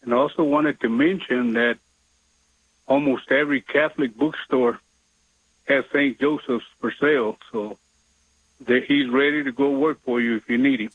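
A man's voice: mid-range voice, steady tone, normal speed, breathy edge, dry recording. Earnest man on a tinny phone line. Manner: hesitant, earnest, with many fillers. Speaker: caller. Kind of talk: call-in radio question.

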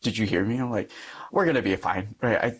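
With a lowish, slightly rough voice and a fast pace, a young Catholic priest shares his personal testimony in conversation. He performs the story's dialogue and lets out frequent light laughs.

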